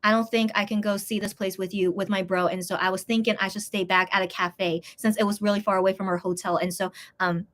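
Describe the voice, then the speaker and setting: A woman's voice: mid-range voice, fast, hardly any pauses. A young woman telling a story in a casual, rambling way, with lots of restarts and fillers. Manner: lively, breaks into laughs. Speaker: vlogger.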